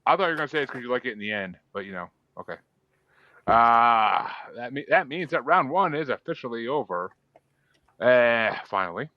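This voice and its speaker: A man's voice: mid-range voice, animated, moderate pace, no echo, highs cut off. A man hosting a casual podcast, calling on guests to vote and swearing freely. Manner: loose, profane, moderates the votes. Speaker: podcast host running a song bracket.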